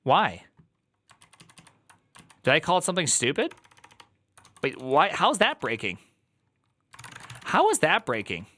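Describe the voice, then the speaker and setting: A man's voice: fairly high pitch, wildly swooping pitch, slow pace, long pauses, pushed and bright. A man streaming live while coding, talking to his chat in an exasperated, rambling way.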